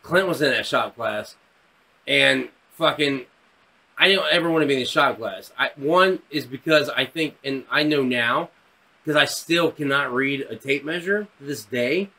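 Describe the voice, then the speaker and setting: A man's voice: mid-range voice, unhurried, bright, forceful tone, a little hiss or hum. A man in his thirties, co-hosting a podcast, telling a rowdy story and acting out the voices in it, swearing freely. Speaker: podcast co-host. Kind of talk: casual storytelling chat.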